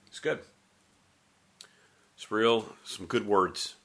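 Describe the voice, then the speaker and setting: A man hosting a sports talk radio show, talking in an energetic, joking, conversational way into a studio microphone. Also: on the low side, moderate pace.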